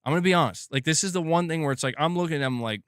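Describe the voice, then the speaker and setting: A man's voice: on the high side, very fast, a bit bright, clean tone, dry recording. Exasperated ranting man, dry close sound. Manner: exasperated, profane, rambling. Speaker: host of a gaming news stream. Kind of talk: casual streamed rant.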